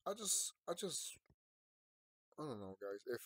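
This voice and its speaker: A man's voice: medium pitch, sing-song, a little slow, no echo. Man ranting in a late-night vlog. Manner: rambling, swings from quiet and tired to loud and ranting. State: sleepy, yawning. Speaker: vlogger. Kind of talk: late-night emotional monologue to viewers.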